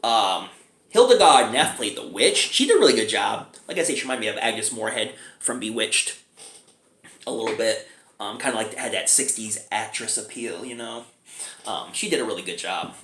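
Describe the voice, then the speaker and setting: A man's voice: fairly low pitch, lively intonation, moderate pace, a bit bright. A man casually reviewing a movie, chatty and chuckling often as he talks. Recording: roomy echo.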